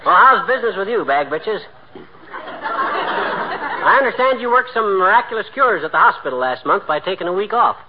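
A man's voice: high voice, animated, brisk, long pauses, over a noisy crowd. An actor playing a boastful, tight-fisted small-town man in a 1940s radio comedy, brash and blustery. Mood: bragging. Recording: hissy muffled old radio broadcast.

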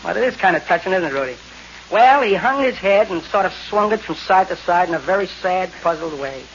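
A man's voice: sits high, expressive, a little fast, fairly bright tone, a little hiss or hum. A man telling a brash, wisecracking comic story as a 1930s radio comedy monologue. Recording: lo-fi old radio recording.

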